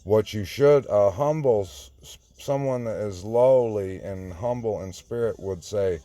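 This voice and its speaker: A man's voice: fairly low pitch, a little slow, hardly any pauses, mellow. A man giving an informal sermon, insistent and confrontational, often repeating himself. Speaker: online preacher.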